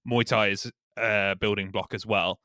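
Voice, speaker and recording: A man talks on a podcast in long, rambling runs, restarting often and swearing casually. His voice is lowish but bright and forward. The sound is dry and close. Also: fairly even intonation, moderate pace, no echo. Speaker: podcast co-host. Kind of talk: casual chat.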